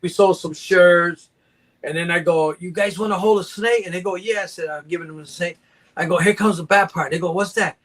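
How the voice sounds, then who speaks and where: A high-pitched older man from Mexico chats casually as a guest, spinning jokey stories. He acts out his sales pitches to passersby with playful banter. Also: fairly even intonation, fairly quick, a bit bright. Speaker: guest reptile breeder. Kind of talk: casual live chat.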